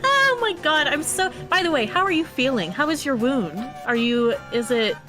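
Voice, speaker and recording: A woman's voice: sits high, big pitch swings, moderate pace, music in the background. A tired young woman co-hosting a stream, chatty and stumbling over her words. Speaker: co-host. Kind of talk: casual stream chat.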